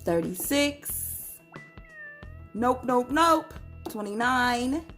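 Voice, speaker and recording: A woman's voice: fairly high pitch, expressive, a bit bright, soft background music. A woman chatting casually to viewers while scratching lottery tickets and reading numbers aloud. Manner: chatty, slow and drawn-out, reads numbers aloud.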